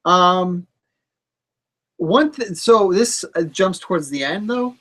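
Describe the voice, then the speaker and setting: Lively blunt co-host in casual chat. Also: mid-range voice, slow pace. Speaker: co-host of a live wrestling talk show.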